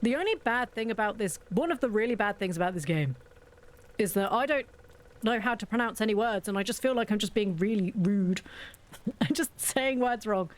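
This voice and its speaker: A woman's voice: mid-range voice, animated, moderate pace. A woman with a British accent chatting and joking as she plays a game for viewers. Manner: chatty, joking, self-mocking. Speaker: streamer. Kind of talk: casual game commentary.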